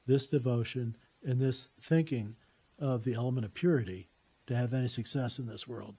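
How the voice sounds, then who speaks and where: A man's voice: medium pitch, dark tone, breathy edge. A middle-aged man telling his own faith story in a plainspoken, earnest way, with casual swearing. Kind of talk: personal testimony, conversational storytelling.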